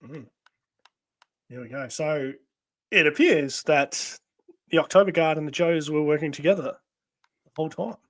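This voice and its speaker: A man hosts a casual live stream, reading a comic aloud between chatty asides. He hesitates often and fills gaps with "um" and "uh". His voice sits a little high. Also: moderate pace, long pauses. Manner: chatty, hesitant with many fillers. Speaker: host.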